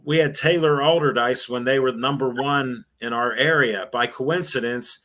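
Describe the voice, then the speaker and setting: An older man, once a sports radio host, talks at a middle pitch. He rambles from one anecdote to the next, slipping into the voices of the people in his stories. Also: normal speed, a bit bright. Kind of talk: storytelling in a casual interview.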